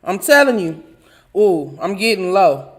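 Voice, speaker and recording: A woman's voice: medium pitch, sing-song, unhurried. A woman hosting a live online talk show, joking and affectionate with her viewers as she signs off, laughing often. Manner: churchy, affectionate toward viewers. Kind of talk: casual live-stream sign-off chat.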